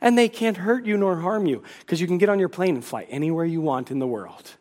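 A man's voice: high voice, expressive, fairly quick, a little mellow. A man preaching a sermon to a congregation, emphatic, asking rhetorical questions and slipping in dry humor. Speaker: pastor.

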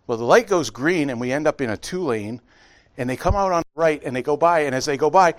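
A middle-aged man preaching a sermon as pastor, telling stories with lively impressions. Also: a little high, quick pace. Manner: animated storytelling with honking impressions.

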